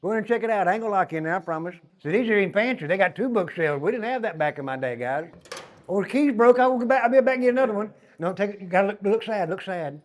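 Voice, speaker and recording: A man's voice: sits high, very fast. An older man, a former prisoner guiding a walking tour in a folksy storytelling way, often calling the group "guys". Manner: folksy, repeats "give you an idea", addresses group as guys. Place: large echoey prison halls and yard. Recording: long echoey reverb of hard halls.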